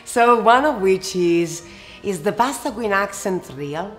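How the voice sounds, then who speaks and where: A woman from Italy with an Italian accent, hosting a casual cooking tutorial and answering questions in an expressive, emphatic way. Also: mid-range voice, a little slow, soft background music. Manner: expressive and emphatic, lingers on words. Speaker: cooking show host.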